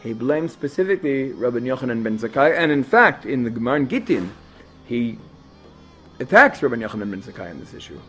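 A man teaches a Torah lesson with animated storytelling. He speaks at a middle pitch, breaks off into asides and restarts, and faint music plays underneath. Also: a little fast.

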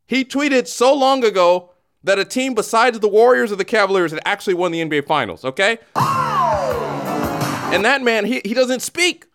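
A man hosts a casual sports talk show and rants with lively energy. His pitch sits a little high and swings widely as he pokes fun at the coverage. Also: normal speed, faint music behind. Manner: animated, ranting with mock voices. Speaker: podcast host.

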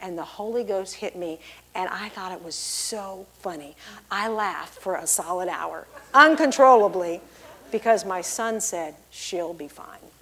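A middle-aged pastor's wife giving a lively church testimony, acting out the people she quotes. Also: mid-range voice, unhurried. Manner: storytelling, acts out the people she quotes in big, loud voices.

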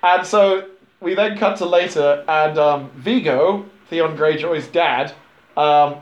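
A man recapping a movie plot in a casual, rambling, profane way, sometimes dropping into quick character voices. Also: on the high side, dull audio. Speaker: podcast host recapping a film. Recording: echoey room.

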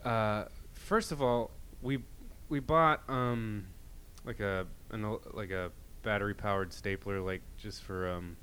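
Male podcast co-host, low smooth voice, rambling profane storyteller. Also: unhurried, fairly bright tone. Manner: rambling storyteller, swearing, many restarts. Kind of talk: casual chat.

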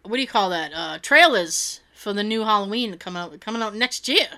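A woman's voice: mid-range voice, animated, brisk, sharp tone. A woman chatting casually and reading out funny stories, giggling and acting out quotes in silly voices.

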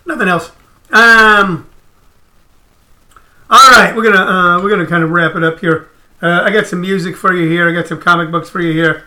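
A man hosting a casual livestream, ranting in an animated, emphatic, profane way. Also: high voice, moderate pace, slight background noise. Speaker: comedian host.

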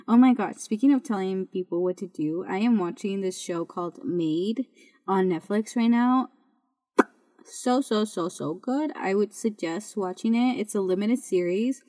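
A woman's voice: medium pitch, a little slow, mellow. A woman hosting a podcast in a casual monologue, blunt and full of swearing, rambling with restarts. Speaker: podcast host.

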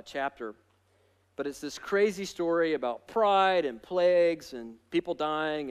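A male pastor with a high-pitched voice delivers a sermon with energy. He is emphatic and punches key lines. He also slips into casual, self-mocking asides. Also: smooth.

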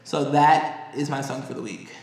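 A man co-hosting a podcast, telling a work story in a casual, profane, animated way. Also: moderate pace, vocal fry. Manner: animated, profane, high-pitched when quoting others. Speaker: podcast co-host. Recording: echoey room.

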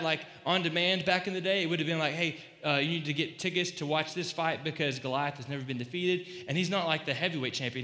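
A man with a high, bright voice preaching casually, often slipping into acted-out lines. The sound is roomy, with a long hall reverb trailing his words. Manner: animated, jokey, acts out quoted lines. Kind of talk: casual sermon. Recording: echoey hall, voice slightly distant.

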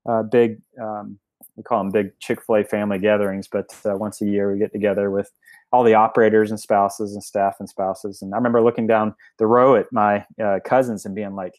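A man's voice: lowish voice, flat delivery, brisk, darkish tone, dry recording. A man telling a story in a casual interview, rambling with many restarts and fillers. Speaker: guest, family member of a restaurant chain.

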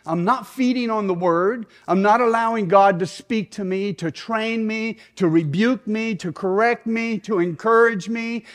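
A middle-aged man, a pastor preaching a sermon in an animated way that sinks into soft prayerful tones. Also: high-pitched.

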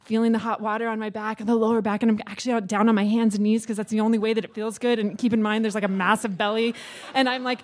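On stage, a woman in her thirties tells a personal story in a lively, talkative way, acting out the dialogue. Her voice is slightly high and she speaks quickly.

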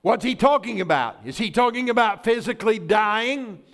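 Fervent high-voiced older male pastor. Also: moderate pace. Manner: fervent, excitable, builds to shouts. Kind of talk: sermon.

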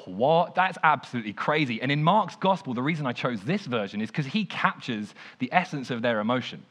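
Animated young preacher. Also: male voice, mid-range voice, brisk, few pauses. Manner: animated, conversational, frequent "like". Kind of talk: informal sermon storytelling.

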